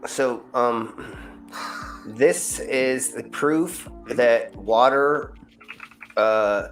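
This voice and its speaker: A man's voice: mid-range voice, very slow, soft background music. A man hosting a casual stream chat, talking in a loose, rambling way and swearing now and then. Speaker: host.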